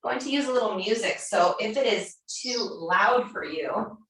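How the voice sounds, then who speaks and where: A woman teaching a yoga class, giving calm, encouraging instructions. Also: mid-range voice, normal speed. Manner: calm, encouraging, gently chanting mantra syllables. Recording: roomy echo, speaker far from mic.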